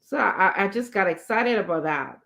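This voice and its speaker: A woman, speaking in a measured, reflective way in a casual discussion. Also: mid-range voice, expressive, vocal fry, fairly bright tone. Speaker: panelist.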